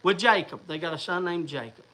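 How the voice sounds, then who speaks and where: A man's voice: high-pitched, brisk, sharp tone, poor audio. A man hosting a livestream, talking to viewers in a rambling, chatty way. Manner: rambling, chatty, restarts and fillers. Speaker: livestream host. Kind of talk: casual livestream chat.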